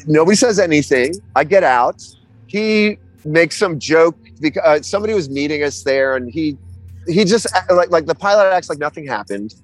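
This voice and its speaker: A man with a slightly higher voice tells a wild story in a casual chat. He swears constantly and keeps restarting his sentences, pitching his voice way up for the tense moments. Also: normal speed, no echo, soft background music. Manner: profane, animated storytelling with many restarts.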